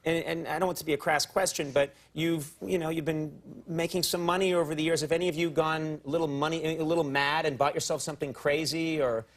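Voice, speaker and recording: A man's voice: on the high side, steady tone, fast, few pauses. A male talk-show host from America, interviewing a guest with stammering questions and jokey asides. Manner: jokey, stammering questions with bursts of silly voices.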